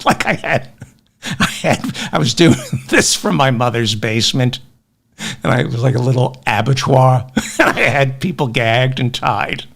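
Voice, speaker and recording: A man's voice: medium pitch, lively intonation, a little slow, creaky, fairly bright tone. A man hosting a comic news podcast, sardonic and exasperated, mixing rants with asides into his webcam. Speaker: podcast host. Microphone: webcam with automatic tracking.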